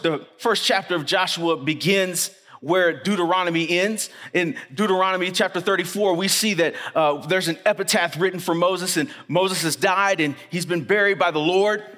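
A man's voice: sits high, fairly bright tone. Man preaching in an echoing chapel. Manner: earnest, emphatic, slows to stress key lines. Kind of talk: sermon. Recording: long reverb of a chapel hall.

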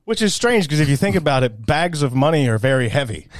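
Podcast guy, wry one-liners, mid voice but pretty lively. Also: fairly high pitch, quick pace. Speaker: podcast co-host. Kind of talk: casual podcast chat.

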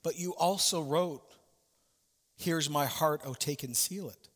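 Brief: kind, warm young churchgoing woman, pitched up, played by a male preacher, with a long hall echo. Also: lively intonation, unhurried, heavily acted. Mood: gentle. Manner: warm, eager, gently encouraging. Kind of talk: sermon storytelling.

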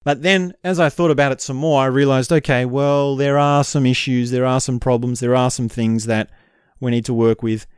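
Man, casual vlog to camera, smooth clear voice, dry close sound, rambling reflective talk, asks "right?" a lot. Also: mid-range voice, moderate pace, dry recording. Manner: reflective, rambling, animated, frequent "right?" asides. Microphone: camera mic.

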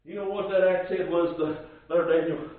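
Male preacher, high-pitched chanted sermon delivery, distant mic in a very echoey church. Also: fairly even intonation, normal speed, phone-quality sound. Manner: shouts and sings out lines in a preaching cadence. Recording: roomy distant church recording.

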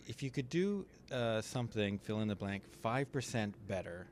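A man with a lowish voice co-hosts a relaxed podcast conversation. He talks through ideas patiently and in a measured way, stopping now and then to find his words. A faint hum of room ambience sits behind him. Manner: thoughtful, explains step by step with pauses and fillers. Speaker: podcast co-host.

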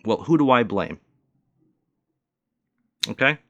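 A man's voice: medium pitch, lively intonation, takes it slowly, a bit bright, dry recording, muffled recording. A man in his forties, a bartender, ranting in a profane, indignant and mocking way. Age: 40s. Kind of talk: ranting monologue.

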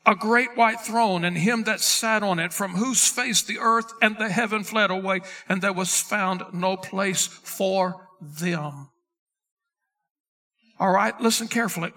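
A middle-aged male pastor delivers an emphatic sermon, slowing down to read scripture and punching single words for weight. His voice sits high for a man and carries a bright, forceful tone. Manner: emphatic preaching, stretches key words, reads scripture aloud.

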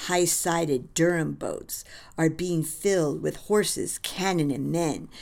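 A woman narrating a scripted story, reading scene directions in a measured way. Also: sits low, gravelly, a little mellow. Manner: measured, reads stage directions.

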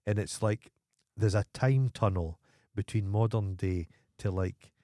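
A man's voice: fairly low pitch, unhurried, dark tone, dry recording, studio quality. A Scottish man co-hosting a podcast in casual chat, ranting emphatically and swearing freely. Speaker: podcast co-host.

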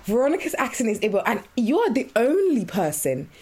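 A woman's voice: a little high, very animated, a little fast, a little mellow, slightly rough. A woman co-hosting a podcast, chatting casually and enthusiastically, often repeating herself for emphasis. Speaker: podcast co-host. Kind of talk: casual chat.

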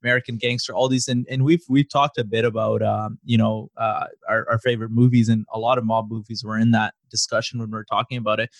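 A man's voice: on the low side, little pitch movement, fast, creaky, hardly any pauses, no echo. A man co-hosting a podcast in casual chat, rambling along with many fillers and restarts. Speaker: podcast co-host.

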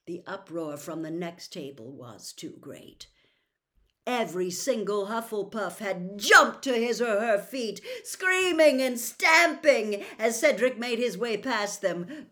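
A woman reading a novel aloud as a storyteller, narrating in a steady, expressive way. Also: mid-range voice.

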